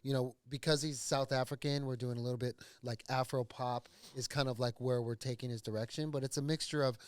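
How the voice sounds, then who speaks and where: Male manager type, relaxed and explanatory, mid pitch, dry sound. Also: fairly quick, no room sound. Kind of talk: casual chat.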